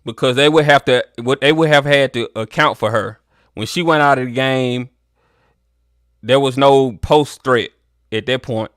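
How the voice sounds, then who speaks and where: Host stream sportowego, mężczyzna z akcentem z południa USA, luźny, gładki głos, suche nagranie. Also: male voice, medium pitch, moderate pace, clear, resonant tone, no echo, clean studio sound. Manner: relaxed, talks to viewers as y'all. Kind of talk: casual sports chat.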